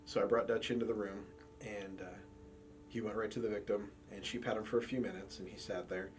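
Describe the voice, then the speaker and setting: There's a little hiss or hum behind this brisk man with a fairly low pitch. A campus police officer and support dog handler, he tells easygoing stories in a documentary interview, acting out the quoted conversations.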